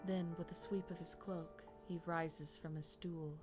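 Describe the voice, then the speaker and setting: Woman streamer, slow hushed dramatic read of a story game, faint music underneath. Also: fairly low pitch, little pitch movement. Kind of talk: dramatic reading of a visual novel.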